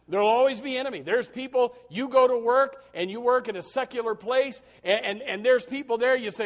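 A man preaching a sermon, swinging from loud, emphatic preaching to low, quiet asides, often calling out amen and repeating words as he starts his sentences. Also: normal speed. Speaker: pastor.

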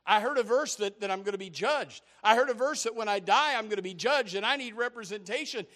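A man voicing an anxious ordinary man who seeks help, pleading and halting, with frequent restarts. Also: sits high, pushed and bright, pitched above the performer's own voice.

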